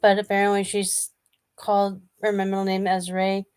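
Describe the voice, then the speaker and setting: A woman's voice: medium pitch, monotone, moderate pace, darkish tone, clean tone. A woman co-hosting a casual show, telling rambling stories and playfully defending herself. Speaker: co-host. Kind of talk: casual chat.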